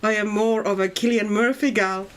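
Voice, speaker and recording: A woman's voice: medium pitch, fairly even intonation, moderate pace, slight background noise. A middle-aged woman from Estonia chats casually on a livestream from a desk mic at home. She is talkative and breaks into laughter often. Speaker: livestream host.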